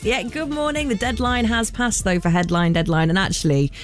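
A woman's voice: mid-range voice, steady tone, fairly quick, faint music behind. A woman co-hosting a breakfast radio show, reading listener entries with easy laughter and playful banter. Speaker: radio co-host. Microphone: studio radio mic.

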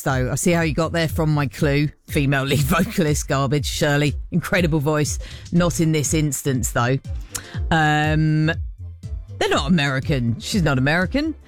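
A woman presenting a radio show, chatting playfully with listeners and laughing at herself. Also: low voice. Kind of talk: casual radio chat with listeners. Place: radio studio. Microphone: studio microphone.

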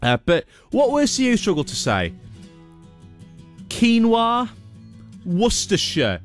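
A man's voice: high-pitched, huge pitch swings, slow pace, soft background music. A man presenting a radio show in a studio, chatty and playful, with a few light stumbles. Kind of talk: casual radio chat.

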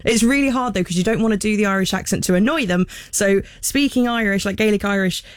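A woman's voice: mid-range voice, fast, no echo, clean studio sound. A woman with a Black Country accent, co-hosting breakfast radio in casual, playful chat and laughing often. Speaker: radio co-host.

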